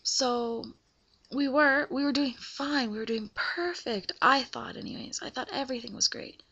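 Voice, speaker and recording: A woman's voice: sits high, moderate pace, bright, forceful tone, lo-fi sound. A young woman vlogging casually about a breakup, chatty and full of fillers, often asking the listener "right?". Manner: chatty, filler-heavy, keeps checking in with the listener. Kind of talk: casual confessional storytelling.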